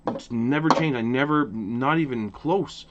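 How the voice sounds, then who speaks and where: A man's voice: mid-range voice, measured pace, muffled recording, heavy background noise. A man from Ottawa, Canada, hosting a casual opinion rant to camera, passionate, with lots of repeated restarts. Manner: passionate, repetitive restarts, animated. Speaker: hockey channel host.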